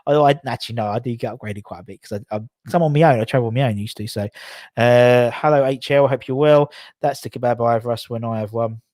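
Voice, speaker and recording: Bloke hosting a chatty live stream, rambles and backtracks, dry close sound. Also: male voice, medium pitch, fast talker, darkish tone, no room sound. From England. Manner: rambling, self-correcting, chatty. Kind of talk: casual live-stream chat with viewers. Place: home.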